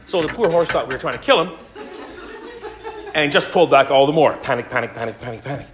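A man's voice: mid-range voice, quick pace. Canadian guy preaching, tells stories, jokes at himself. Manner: animated storyteller, self-mocking humor. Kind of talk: casual sermon storytelling.

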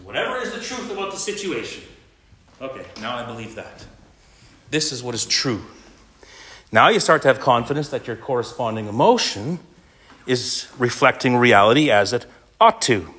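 A man preaching a sermon in an earnest, emphatic way, often dropping quieter as he voices inner thoughts. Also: mid-range voice, big pitch swings, moderate pace.

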